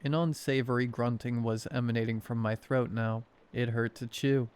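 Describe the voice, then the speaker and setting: Male horror narrator, sardonic, mid-pitched, smooth resonant voice. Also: fairly even intonation, moderate pace, darkish tone. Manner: wry, sardonic storytelling. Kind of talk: horror story narration for sleep.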